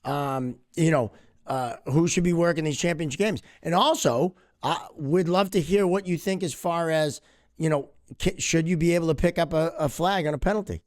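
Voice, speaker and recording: A man's voice: fairly high pitch, normal speed, a little mellow, no room sound, studio quality. A middle-aged man, a hockey official co-hosting a podcast, talking in an easygoing, conversational way and playing devil's advocate. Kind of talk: casual podcast chat.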